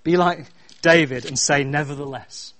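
A middle-aged man preaching a sermon, swinging from quiet asides to loud, repeated refrains. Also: a little high, moderate pace. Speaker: pastor.

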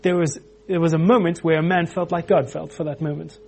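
A man preaching an informal sermon, animated, acting out quotes with frequent restarts. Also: fairly high pitch, fairly quick, gravelly, slight background noise.

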